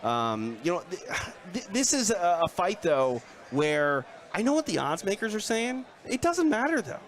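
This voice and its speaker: A man co-hosting a live fight preview from a studio set. His voice sits a little high, and he talks in a chatty, animated way, full of fillers and quick asides. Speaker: co-host of a fight preview show. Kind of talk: live sports talk.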